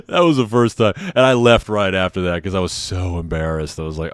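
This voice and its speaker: A man's voice: deep voice, big pitch swings, normal speed, no echo. A man hosting a podcast, telling a casual, self-deprecating story in a rambling way with frequent laughs. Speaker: podcast host.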